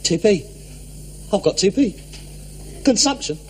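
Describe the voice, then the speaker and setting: An actor playing a theatrical, wounded hypochondriac son in a 1960s sitcom. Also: male voice, high voice, lively intonation, measured pace, heavy background noise. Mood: melodramatic. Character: melodramatic hypochondriac adult son.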